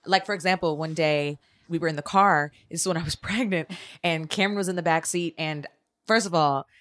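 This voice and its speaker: A woman's voice: low-pitched, brisk, a bit bright. A woman in her thirties, a co-host and mother, speaking in an earnest, reflective way in casual chat.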